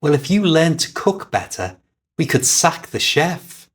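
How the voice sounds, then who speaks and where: A man's voice: fairly high pitch, measured pace, husky, voice pushed up, full character voice. A man doing a strained British husband. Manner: strained, trying to stay calm. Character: anxious husband worried about money.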